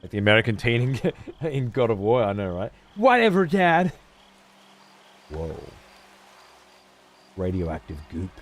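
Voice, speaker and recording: A man's voice: on the low side, normal speed, long pauses. A man giving casual gameplay commentary as a streamer, profane and sarcastic.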